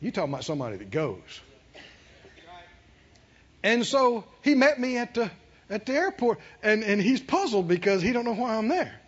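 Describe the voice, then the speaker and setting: A man with a high, husky voice preaches a sermon at a moderate pace, pausing often. He's animated, telling a story while laughing and calling out to the congregation, captured in a dull lo-fi recording.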